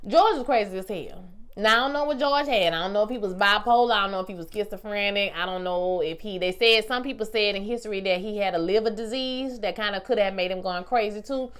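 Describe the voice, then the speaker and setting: Animated woman with a bright, salty voice. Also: quick pace, clean tone. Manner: animated, swings between loud exclaiming and low musing; salty slang, addresses viewers as y'all and baby. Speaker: vlogger reviewing a TV series. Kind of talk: casual chat.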